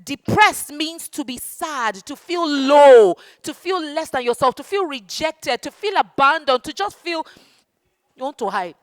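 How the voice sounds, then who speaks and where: Warm-hearted woman speaker for kids: high, very expressive, close dry mic. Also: measured pace, no echo. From Nigeria. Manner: animated, calls children darling and baby. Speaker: children's book festival speaker. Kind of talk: interactive talk to children. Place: festival hall with young audience.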